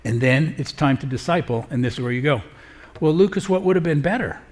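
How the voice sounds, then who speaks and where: A man's voice: a little high, expressive, a little fast, darkish tone. A middle-aged man giving a live parenting talk to an audience, earnest and conversational, with frequent filler sounds. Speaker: parenting speaker.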